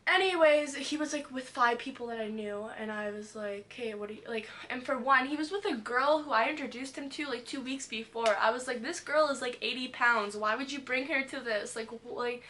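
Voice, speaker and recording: A woman's voice: fairly high pitch, brisk, hardly any pauses. A young woman vlogger telling a wild story from her past in a storytime vlog, full of "like" and swearing, acting out what people said. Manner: fillers "like" constantly, animated retelling, swears.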